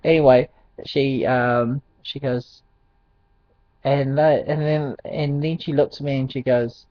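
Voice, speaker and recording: A man's voice: medium pitch, steady tone, takes it slowly, dry recording. A man telling a personal faith testimony in a rambling, hesitant way, full of ums and restarts and frequent chuckles. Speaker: Christian testimony speaker. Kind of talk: casual spoken testimony. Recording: dull dry lo-fi recording.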